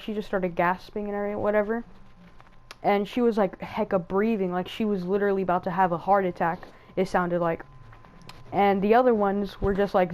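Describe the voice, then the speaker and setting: A woman with a middle-range voice tells a story as she plays a game. Her speech rambles and gets excited, and she often restarts her sentences and fills gaps with "like". She speaks close to a gaming headset. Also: mid-range voice, moderate pace, low-quality recording. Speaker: gaming channel host. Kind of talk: casual story time over gameplay.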